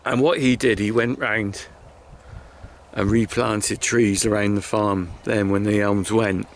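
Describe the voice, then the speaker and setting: A man's voice: on the low side, steady tone, slow pace, slight background noise. Farmer guy walking his hedges outdoors, middle-aged, rambly and heartfelt, sighs a lot. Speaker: farmer vlogger. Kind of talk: casual walk-and-talk vlog.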